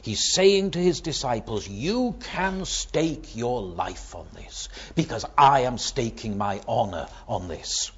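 Husky preacher with dramatic swings. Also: male voice, medium pitch, expressive, takes it slowly, few pauses, highs cut off. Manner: wide swings from loud emphatic to hushed near-whisper. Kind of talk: sermon.

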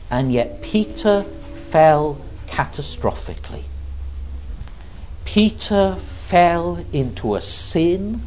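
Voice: medium pitch, darkish tone. A preacher giving a sermon, retelling a story in an earnest, vivid way, on a dull lo-fi recording.

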